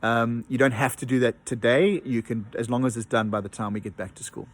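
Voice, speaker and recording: Teaching online from his home, a man speaks briskly at medium pitch with fairly even intonation. He's patient yet hesitant, with frequent ums and uhs, and he vocalizes rhythms as he taps them out.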